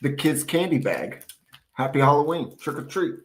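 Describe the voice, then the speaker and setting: A man's voice: on the high side, animated, normal speed, a little hiss or hum. A man co-hosting a casual sports podcast, talking in a laid-back, slangy way. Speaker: podcast co-host.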